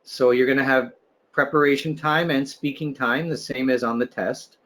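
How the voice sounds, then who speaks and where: A man's voice: mid-range voice, fairly even intonation, moderate pace, fairly bright tone. A man leading a test-prep webinar, explaining scoring and giving tips, with frequent fillers, restarts and a checking "right?". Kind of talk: webinar teaching.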